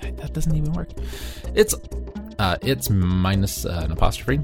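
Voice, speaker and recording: A man with a fairly low voice that swings widely in pitch, doing a mocking dramatic reading. He reads out every comma and ellipsis, then drops into dry, sarcastic commentary. Faint music plays underneath. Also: normal speed. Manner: reads out punctuation aloud, deadpan asides, sarcastic. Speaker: comedic reader of an old online game review.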